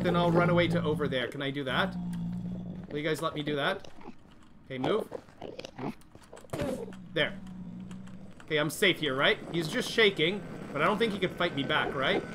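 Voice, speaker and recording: A high-voiced man narrates a live game stream, swinging between nervous worry and excitable cheering as he addresses his chat. Steady background noise sits under his voice throughout the recording. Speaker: gaming livestreamer. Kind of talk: live gameplay commentary.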